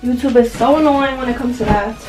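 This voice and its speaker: A woman's voice: on the high side, a little fast, music in the background, low-quality recording. A young woman chatting casually through a get-ready-with-me morning vlog in her bedroom, rambling with lots of "like", still groggy with her morning voice. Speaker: vlogger. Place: bright bedroom.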